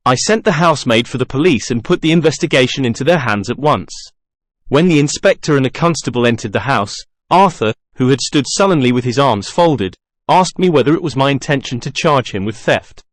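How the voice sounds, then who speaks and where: A male narrator tells an audiobook story as "I," keeping a measured mid-pitch before flaring into dramatic outbursts. The animated performance is close-miked in a studio, completely dry, with no room and no echo.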